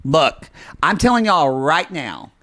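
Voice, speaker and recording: A man co-hosting a podcast, chatting casually and gossiping in a lively, bantering way. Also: fairly high pitch, slow pace. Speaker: podcast co-host. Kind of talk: casual chat.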